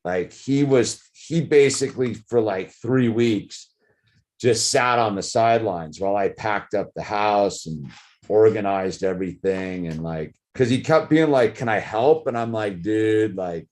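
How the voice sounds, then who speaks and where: A man's voice: fairly low pitch, a little slow, a little mellow. A middle-aged man, rambling casually to camera, full of "dude" and "like". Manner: rambling, says "dude" and "like" a lot. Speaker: vlogger.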